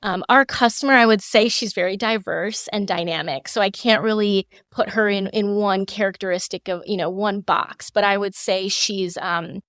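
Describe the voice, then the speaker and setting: A woman in her thirties, a fashion designer, answering interview questions in a measured, polished way with frequent fillers, close to the mic. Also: medium pitch, fairly even intonation, a bit bright, dry recording. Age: 30s. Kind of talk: podcast interview.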